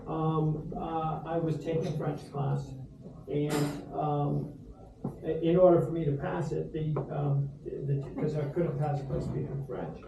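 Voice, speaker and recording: A man's voice: on the high side, level tone, slow pace, creaky. A middle-aged man from Rhode Island giving a humorous, rambling toast to dinner guests in a restaurant, with lots of ums. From Rhode Island, USA. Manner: humorous anecdotal storyteller, many fillers. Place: restaurant dining room. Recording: roomy echo from far off, background noise.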